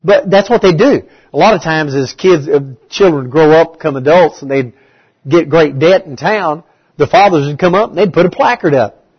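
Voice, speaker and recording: A man's voice: a little high, moderate pace, husky, lo-fi sound. A man preaching a conversational bible study, asking his listeners questions and repeating key words.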